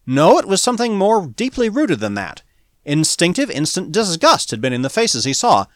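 A man's voice: high voice, moderate pace, no echo. Man reading an old space adventure story, lots of ups and downs in his voice, dry close sound. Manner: dramatic, animated storytelling. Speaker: audiobook narrator.

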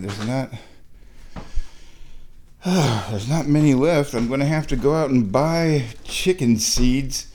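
A male vlogger with a medium-pitched voice chats casually on a walk-and-talk vlog while feeding his backyard chickens outside. He rambles, stays chatty and baby-talks to the birds, with a little hiss or hum in the audio.

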